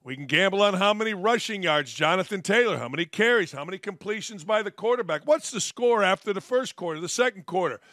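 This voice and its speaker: A man's voice: high voice, expressive, fast, few pauses, sharp tone, no echo, studio quality. A man hosting a sports talk show, delivering a combative, sarcastic opinion monologue. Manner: combative, sarcastic, mocking quotes.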